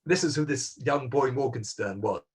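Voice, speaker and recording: His voice is medium in pitch and a little mellow, at a moderate pace. Serving as a rabbi, he shares a story sermon-style on a video call, earnest and emphatic, repeating key words and performing quoted dialogue.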